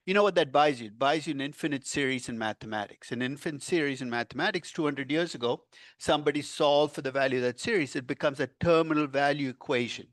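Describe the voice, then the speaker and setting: An older male finance professor giving a university lecture, animated and quizzing his class, stressing key words as he explains. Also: on the high side, fast talker, dry recording, studio quality. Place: lecture room.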